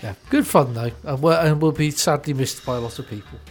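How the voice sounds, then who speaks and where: A man's voice: a little high, fairly quick. A man joining a radio chat show, talking in a thoughtful, reminiscing way.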